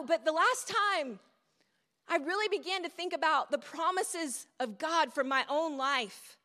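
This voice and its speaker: Bright high-voiced woman preaching. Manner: storytelling, conversational with audience asides. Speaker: speaker at a church event. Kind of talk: sermon. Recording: long hall reverb.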